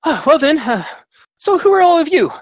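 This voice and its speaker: A nervous young bard, high and stammering, tripping over his words before finding his charm, as a man puts him on. He sounds breathless and eager in a fantasy tabletop game, recorded close and dry. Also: very animated, brisk, no room sound. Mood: flustered. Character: flustered young male bard, nervous, suave.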